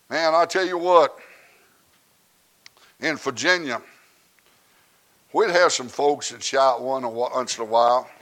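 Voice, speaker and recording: A man, preaching a sermon that swings from quiet asides to loud shouted preaching. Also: medium pitch.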